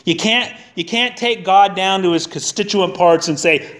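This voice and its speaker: A man's voice: sits high, normal speed, a bit bright. A middle-aged man preaching a sermon in a church, folksy and conversational, mixing scripture with everyday stories. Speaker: pastor. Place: church sanctuary.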